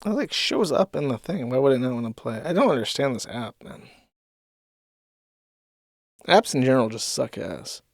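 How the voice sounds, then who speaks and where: A man's voice: medium pitch, big pitch swings, moderate pace, gravelly, long pauses, no room sound, studio quality. Profane, rambling man hosting a stream. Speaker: stream host. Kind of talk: casual live-stream commentary.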